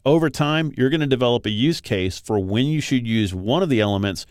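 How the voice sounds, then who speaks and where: A man teaching web design in a relaxed, conversational screen-recorded tutorial. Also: mid-range voice, a little fast, clear, resonant tone, dry recording, studio quality.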